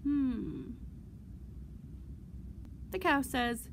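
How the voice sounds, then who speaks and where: High, slow-talking children's librarian woman. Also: a little hiss or hum. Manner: slow, singsong and animated, with loud playful roars. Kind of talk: virtual storytime for children.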